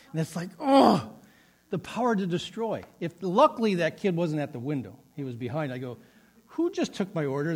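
A middle-aged pastor delivers a sermon in a husky, fairly high voice. He tells his story with animated energy, and his pitch rises and falls sharply as he acts out the scenes. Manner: animated storytelling, laughing at himself.

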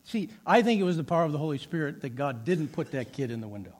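A middle-aged man preaching a sermon, telling a personal story with animated delivery and laughing at himself. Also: fairly high pitch, fast. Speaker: pastor.

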